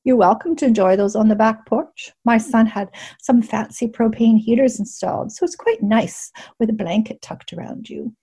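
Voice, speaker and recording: A woman's voice: a little high, moderate pace, dark tone, slightly rough. A woman voicing an older woman innkeeper who speaks in a proper, precise way, in a storybook reading. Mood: gracious.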